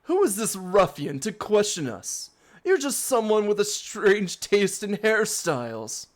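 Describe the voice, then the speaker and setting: A streamer voicing a pompous, theatrical young male villain from a video game, with slow, drawn-out, haughty delivery. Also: mid-range voice, sing-song, pitched above the performer's own voice.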